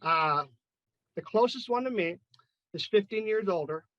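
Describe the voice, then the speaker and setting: A man's voice: high-pitched, lively intonation, measured pace, pushed and bright, no room sound, muffled recording. A man in his fifties hosting a chat and then doing a loose, profane stand-up set. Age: 50s. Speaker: podcast host and amateur stand-up comic.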